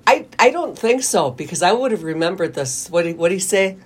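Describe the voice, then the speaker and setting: A woman co-hosts a radio talk show in easy on-air banter, teasing her partner with frequent laughter. Her voice sits low and sounds husky. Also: lively intonation, a little fast.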